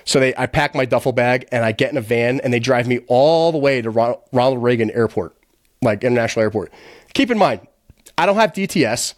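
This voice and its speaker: A man guesting on a podcast tells a story bluntly and profanely, chuckling often and filling his speech with fillers. His medium-pitched voice comes through in studio quality with no room sound, and his casual retelling is quick and animated.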